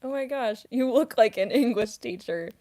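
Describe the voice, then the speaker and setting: A woman's voice: fairly high pitch, moderate pace, mellow. A young woman streamer and voice actress answering chat questions casually, rambling with lots of fillers and giggles.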